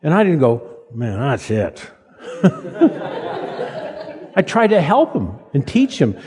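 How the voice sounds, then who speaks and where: A man's voice: high voice, huge pitch swings, crowd noise. Older male pastor, folksy sermon in a hall. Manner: folksy, halting restarts, self-deprecating humor. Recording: reverberant hall.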